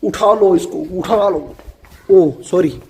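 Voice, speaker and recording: A man with an Indian accent, vlogging casually at home in broken English, playful and excitable, often laughing. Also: sits high, rapid-fire, slight background noise. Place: home room.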